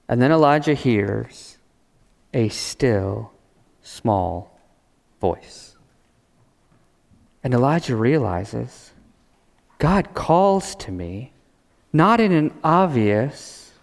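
High-voiced, unhurried man preaching. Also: in a large hall. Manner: storytelling, dramatic swings from loud to hushed. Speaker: pastor. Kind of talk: sermon.

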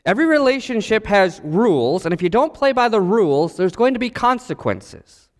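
A man preaching a sermon as pastor, animated and acting out the voices in his stories. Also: high voice, normal speed, big-room sound.

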